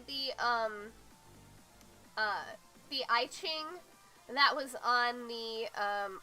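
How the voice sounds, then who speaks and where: Young woman, high-ish voice, rambling casual commentary, lots of fillers, faint background music. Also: sharp tone. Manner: rambling, filler-heavy, thinking aloud. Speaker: gaming theory YouTuber.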